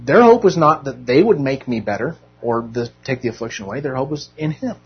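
A man's voice: mid-range voice, expressive, a little fast, husky, lo-fi sound. A man giving an informal, conversational sermon to a church group, earnest with self-deprecating humor. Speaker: Bible teacher.

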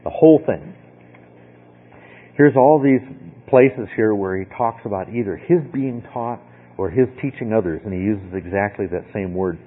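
A man's voice: fairly low pitch, moderate pace, slightly rough. A man teaching a Bible lesson in a conversational way, often checking in with "okay?". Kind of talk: sermon. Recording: tinny phone-like sound.

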